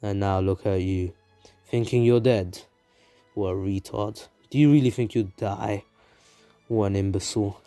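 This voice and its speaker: A man doing a scornful fox spirit, gruff and low. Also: unhurried, dark tone, no echo, soft background music. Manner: mocking, insulting.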